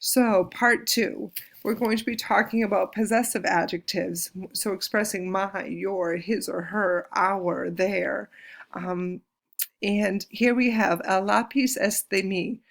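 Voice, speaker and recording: Casting note: woman, Spanish teacher, gravelly edge, patient and clear, slows down to model words. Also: mid-range voice, fairly even intonation. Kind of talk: recorded classroom lesson.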